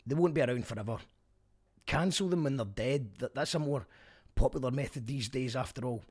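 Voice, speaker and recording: A Scottish man in his younger adult years, talking through a concert review in a loose, conversational way. His voice sits at an ordinary middle pitch, and he drops the odd dry, wry joke as he goes. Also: a little fast, a little mellow, slightly rough. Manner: chatty, wry asides. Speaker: podcast host. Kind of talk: casual spoken review.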